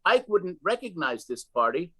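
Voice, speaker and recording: A man's voice: sits high, big pitch swings, moderate pace, pushed and bright, slightly rough, low-quality recording. A man speaking as a guest commentator in a political interview, emphatic and often repeating words as he goes.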